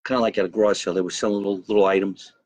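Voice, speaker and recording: Low-voiced New man rambling to viewers. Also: little pitch movement, very fast, a little mellow, no echo. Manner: rambling, boastful, greets viewers by name. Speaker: host of a live comedy show. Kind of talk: live-stream comedy monologue. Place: backyard by a grill and pool, outdoors.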